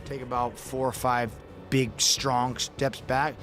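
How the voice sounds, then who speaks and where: A man's voice: medium pitch, flat delivery, takes it slowly, a bit bright, soft background music. A man telling a story as a podcast guest, casually and vividly, acting out his own thoughts and swearing freely.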